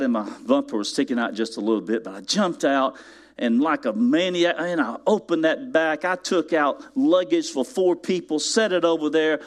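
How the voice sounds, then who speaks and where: A man preaching a sermon in church, telling a story with mounting emphasis and asking his congregation rhetorical questions. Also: mid-range voice. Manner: animated storytelling, builds to loud emphatic peaks. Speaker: pastor.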